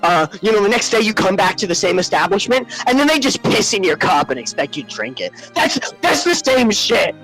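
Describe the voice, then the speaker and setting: A man telling a comic story, profane and exaggerated, swinging from hushed murmurs to shouted rants. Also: high voice, big pitch swings, a little fast, hardly any pauses, faint music behind, low-quality recording. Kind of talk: comedic storytelling.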